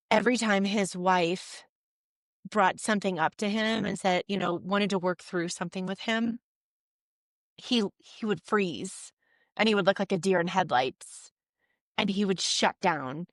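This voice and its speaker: Lively woman therapist explaining. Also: mid-range voice, slow, long pauses, no echo. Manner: lively, explains with acted-out examples and restarts. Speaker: couples therapist, guest. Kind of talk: explanatory interview talk.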